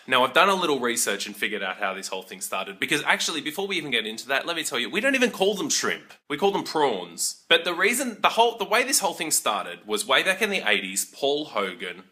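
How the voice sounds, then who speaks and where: A man with an Australian accent chatting casually to camera in a joking, animated way. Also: mid-range voice, brisk. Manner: chatty, joking, animated with playful mock voices. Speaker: vlogger.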